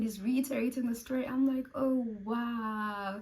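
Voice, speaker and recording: A young woman with a South African accent tells a story in a casual vlog, her voice sitting a bit high. She is blunt and animated, swears freely and acts out every line of the argument. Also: normal speed, hardly any pauses, low-quality recording. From South Africa, Cape Town. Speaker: storytime vlogger.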